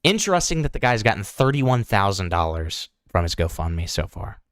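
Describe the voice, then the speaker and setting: A man's voice: on the low side, big pitch swings, moderate pace, a bit bright, no room sound, clean studio sound. A young man hosting online commentary, sarcastic and pointed, asking rhetorical questions. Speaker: commentary channel host.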